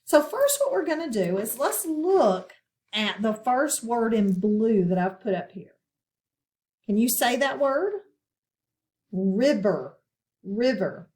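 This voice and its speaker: Woman teacher, slightly high voice, unhurried, patient questioning phonics lesson. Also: big pitch swings, a little mellow. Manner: slow, patient, asks questions and pauses.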